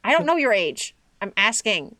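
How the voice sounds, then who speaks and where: A woman in her twenties streaming a game, chatty and animated, laughing often. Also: mid-range voice, normal speed, dry recording. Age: 20s. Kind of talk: casual gaming chat.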